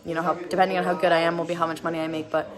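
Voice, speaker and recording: A woman's voice: fairly low pitch, level tone, very fast. A young woman vlogger talking casually to her camera, with lots of ums, out on a hiking trail. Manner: chatty, many ums. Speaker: vanlife vlogger. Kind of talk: casual vlog chat.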